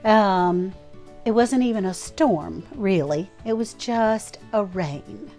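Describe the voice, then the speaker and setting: A woman's voice: mid-range voice, takes it slowly, mellow. A woman, a homestead vlogger telling viewers a story in a folksy, emotional way. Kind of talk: casual storytelling to camera. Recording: faint music behind.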